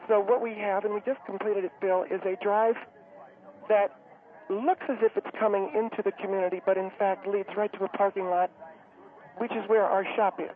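A man voicing a high-strung, well-to-do woman who talks haltingly with many fillers. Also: fairly even intonation, close to an everyday voice. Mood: hesitant. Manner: halting, hesitant, many fillers, later panicky and breathless. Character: fussy upscale woman, community spokeswoman, high-strung. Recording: tinny phone-line radio sound.

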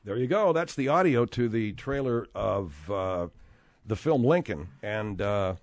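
A man hosting a talk radio show, rambling and animated, with frequent restarts as he talks. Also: lowish voice, a little slow, noisy background. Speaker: radio host.

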